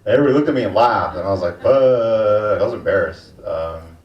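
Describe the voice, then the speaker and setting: Low-pitched and animated, this young stand-up rattles through his set very fast, laid-back but crude and slangy. He's performing on a comedy club stage, captured in a dull, far-off, reverberant recording.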